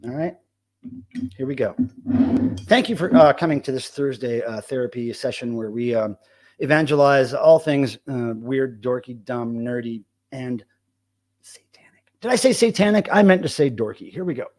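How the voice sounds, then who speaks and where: Animated, profane livestream host man. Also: mid-range voice, normal speed. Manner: loose, profane, reading chat aloud, animated. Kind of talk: casual live-stream chat.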